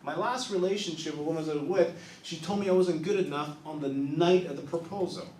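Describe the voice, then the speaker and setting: A man in his thirties doing a stand-up set on a small club stage, telling confessional stories that swing from soft asides to loud punchlines. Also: a little high, brisk, slight background noise. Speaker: stand-up comedian. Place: small improv club stage, live audience. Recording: roomy club sound from a distance.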